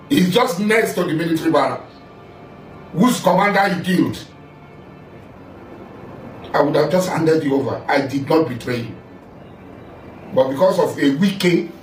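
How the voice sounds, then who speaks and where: Nigerian man, middle-aged, fairly high voice, hammering accusations, roomy echo and faint music behind. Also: animated, a little slow, long pauses. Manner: accusing, repetitive, addresses the listener directly. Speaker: political figure making a statement. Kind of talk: confrontational monologue. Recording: echoey room, voice far from mic, faint music.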